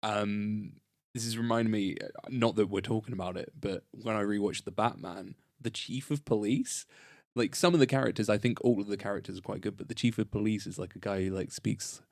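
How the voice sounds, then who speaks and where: A man's voice: lowish voice, fairly quick, vocal fry, no echo, clean studio sound. A man co-hosting a film podcast, chatting casually and jumping in with side thoughts. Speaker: podcast co-host.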